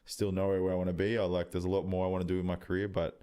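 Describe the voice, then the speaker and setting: A young Australian man in his twenties, telling a story in loose, casual podcast chat, swearing freely and pausing on many ums. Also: sits low, flat delivery, dark tone, smooth. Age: 20s. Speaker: podcast guest, rugby league player.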